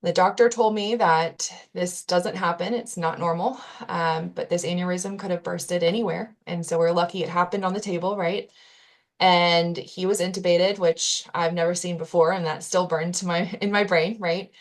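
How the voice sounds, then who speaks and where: A woman's voice: fairly low pitch, steady tone, moderate pace. A young adult woman, a podcast guest, telling a personal story in an earnest, candid way with casual fillers and restarts.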